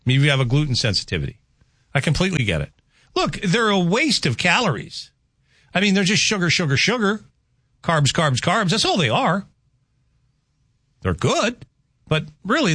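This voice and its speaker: A man's voice: no room sound, studio quality. A man hosting a morning radio show, chatting casually and rambling with self-mocking asides. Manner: rambling, self-mocking, animated with pitch jumps. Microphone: studio microphone.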